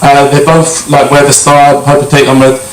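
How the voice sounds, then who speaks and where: Sermon speaker, British man, slightly high voice, conversational, echoey hall, mic at a distance. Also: monotone, slow. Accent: British English. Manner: conversational, frequent restarts and throat clearing. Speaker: speaker giving a talk at a gurdwara. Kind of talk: informal sermon. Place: large prayer hall.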